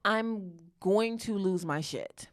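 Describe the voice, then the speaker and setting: A woman's voice: mid-range voice, slow, no echo, clean studio sound. A woman co-hosting a casual podcast chat, teasing and earnest as she tells stories and makes her point. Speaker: podcast co-host.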